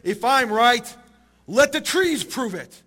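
Male storyteller playing a frustrated old sage, raised pitch, loud and drawn out. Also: lively intonation, noisy background, full character voice. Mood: pleading. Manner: high, loud, drawn-out calls. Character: desperate old sage, male, pleading for proof.

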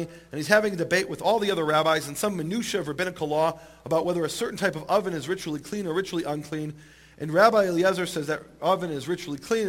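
Male preacher-storyteller, high voice, animated narration. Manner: animated, rising voice at climaxes. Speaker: speaker. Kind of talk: storytelling sermon.

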